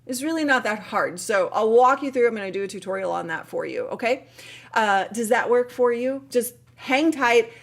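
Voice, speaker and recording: A woman's voice: fairly high pitch, expressive, moderate pace, gravelly. Tired, chatty woman hosting a livestream. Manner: chatty and upbeat, laughs often, trails off with fillers. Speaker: livestream host. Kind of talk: casual live Q&A stream.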